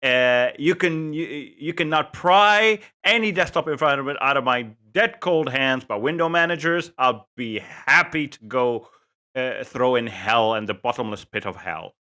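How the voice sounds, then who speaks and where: A man's voice: mid-range voice, moderate pace, sharp tone, clear, resonant tone, close to an everyday voice. A man putting on a thick, broken-English movie accent as a joke figure, blunt and boastful. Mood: mock-defiant.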